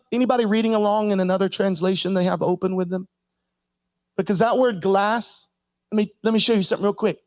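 A man delivers a sermon in a strikingly high voice. He calls out to the congregation for responses and climbs into impassioned, shouted preaching. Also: no room sound.

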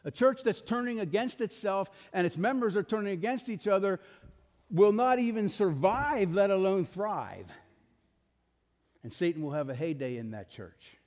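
Guy preaching with a high voice, pushes hard on his points, lots of reverb like a big hall. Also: expressive, normal speed, darkish tone. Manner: emphatic, rhetorical questions to the congregation. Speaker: pastor. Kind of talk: sermon.

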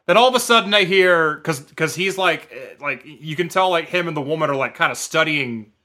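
Bright-voiced man telling a rambling story. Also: fairly high pitch, brisk. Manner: rambling, animated, filler-heavy, laughs often. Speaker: podcast co-host. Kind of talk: casual storytelling chat.

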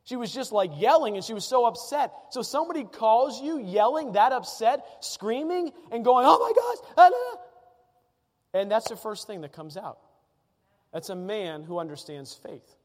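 A male pastor delivers a sermon with a fairly high voice, chatty and emphatic as he stacks up repeated phrases. His words ring out with a long reverb tail from a large hall. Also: animated, moderate pace, darkish tone.

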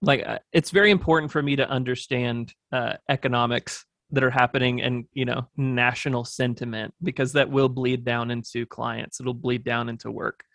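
A man's voice: mid-range voice, steady tone, normal speed, hardly any pauses, a bit bright, no echo. Rambling man, dry close sound. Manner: thoughtful, rambling with fillers. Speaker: agency owner, podcast guest. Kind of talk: casual interview talk.

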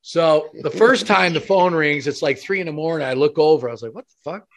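A man's voice: on the high side, brisk. A man co-hosting a podcast, telling a story bluntly and swearing a lot in casual chat. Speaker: podcast co-host.

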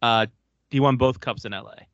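A man hosting a casual hockey podcast, jokey and quick with stats. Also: medium pitch, no echo. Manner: lively, jokey, rattles off stats. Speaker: podcast host. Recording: dull, dry sound.

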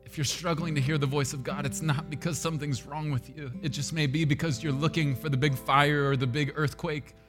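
A man preaching a sermon as pastor, swinging between loud emphasis and hushed, near-whispered lines. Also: on the high side, fairly even intonation, a little fast, few pauses. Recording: long hall reverb with soft guitar underneath.

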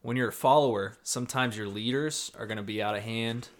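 A man's voice: medium pitch, fairly quick. A young man co-hosting a casual podcast, laid-back and teasing as he reasons through his point. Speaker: podcast co-host. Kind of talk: casual anime recap chat.

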